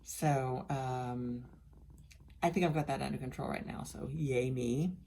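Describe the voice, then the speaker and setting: Low-pitched woman, middle-aged, worn-out, chatty candid vlog update. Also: measured pace, mellow, slight background noise. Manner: chatty and candid, with frequent laughs and restarts. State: worn out and tired. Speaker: vlogger sharing a health journey. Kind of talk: casual personal video update.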